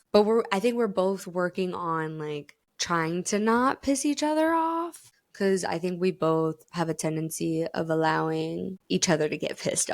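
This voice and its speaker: A woman's voice: lowish voice, creaky. Candid, profane woman podcast host. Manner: candid, profane, rambling storytelling with frequent laughter. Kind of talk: casual chat.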